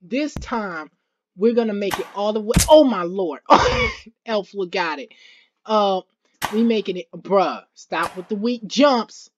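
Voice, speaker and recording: A woman hosting a gaming video, commentating a let's play with excited yelps, shouts and slangy chatter. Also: mid-range voice, noisy background. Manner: slangy, repeats phrases rapidly.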